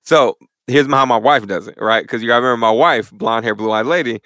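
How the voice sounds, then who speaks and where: A young man chatting casually as a guest in a church interview, animated and full of slang. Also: medium pitch, quick pace, no room sound. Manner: animated, slangy, says "bro" a lot. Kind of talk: casual chat.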